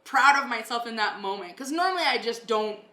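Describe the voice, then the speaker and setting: A woman's voice: on the high side, lively intonation, fairly quick, bright, forceful tone, echoey room. A woman hosting a podcast who tells stories bluntly and swears a lot. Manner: blunt storytelling, heavy swearing. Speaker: podcast host and renovation company owner. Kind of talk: casual podcast chat.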